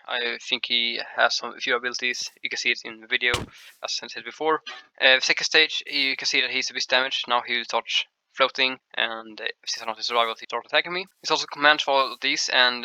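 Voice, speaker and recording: Bright-voiced man narrating gameplay. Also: mid-range voice, clean tone, dry recording, rough recording. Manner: halting, rambling explanations with frequent restarts. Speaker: gameplay showcase host. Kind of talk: casual gameplay commentary.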